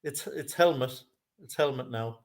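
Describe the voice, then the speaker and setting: Irish guy hosting a fan livestream, chatty and jokey, laughs a lot, normal pitch. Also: normal speed. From Ireland. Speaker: live stream host. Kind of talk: casual fan chat.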